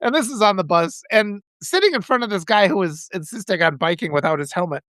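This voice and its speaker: A man hosting a live video, telling rambling, animated anecdotes full of restarts. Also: sits high, fast, no echo, studio quality. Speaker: live-stream host. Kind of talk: casual storytelling on a live video.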